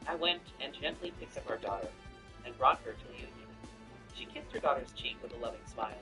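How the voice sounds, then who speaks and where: A man narrating a first-person family story in an earnest, lively way. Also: medium pitch, brisk. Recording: distant mic with background music.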